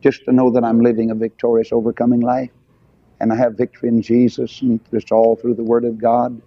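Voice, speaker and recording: A man's voice: medium pitch, completely flat delivery, brisk, gravelly, no echo. An older man preaching a revival sermon in a folksy, emphatic way. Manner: folksy, emphatic, rising to shouts on key phrases. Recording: dull lo-fi sound.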